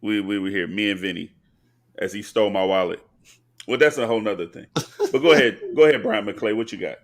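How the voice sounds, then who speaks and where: A man's voice: lowish voice, brisk. A man co-hosting a casual collectibles podcast, telling stories and slipping into impressions. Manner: animated storyteller, slips into impressions. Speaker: podcast co-host. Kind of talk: casual banter.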